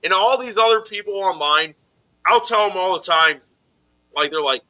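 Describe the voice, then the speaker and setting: A man tells a grievance story on a live stream, his voice very bright and slightly high. He swears constantly and gets loud when he acts out what he said back. It sounds like relaxed, unscripted chat among friends. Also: moderate pace, rough recording. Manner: heated, profane storytelling, voices his own outbursts loudly. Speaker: podcast host telling a story.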